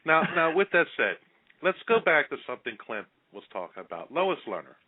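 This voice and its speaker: A man's voice: fairly high pitch, very animated, brisk, narrow, tinny audio. Blunt guy hosting a political chat, rambles and repeats himself, sounds like over the phone. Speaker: talk show host. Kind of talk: casual political talk.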